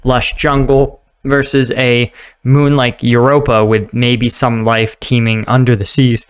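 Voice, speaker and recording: A man hosting a reaction video, chatting casually and musing out loud, laughing often. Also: mid-range voice, little pitch movement, measured pace, clear, resonant tone. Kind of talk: casual commentary.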